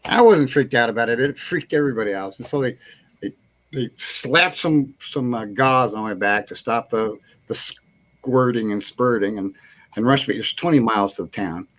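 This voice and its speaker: A man's voice: medium pitch, a little slow, pauses often. Chuckling man telling a rambling story. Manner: rambling, animated anecdote-telling with chuckles and acted-out quotes. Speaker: host. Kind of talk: casual storytelling on a live chat show.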